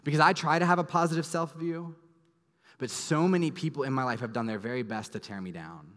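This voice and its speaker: Earnest pastor in a reverberant hall. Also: male voice, a little high, brisk. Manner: earnest, emphatic storytelling with sudden soft drops. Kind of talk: sermon.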